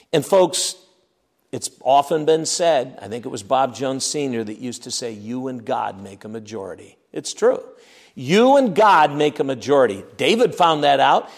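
Lively preacher guy, gravelly, reads the verses big and dramatic, then goes quiet, long hall echo. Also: on the high side. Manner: lively, emphatic, reads scripture aloud with dramatic swings in volume. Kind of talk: expository sermon.

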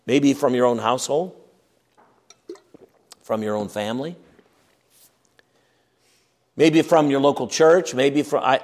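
Animated preacher with lively swings. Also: male voice, fairly high pitch. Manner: animated, emphatic, swings between loud and quiet; acts out quoted objections. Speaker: pastor. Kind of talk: expository sermon.

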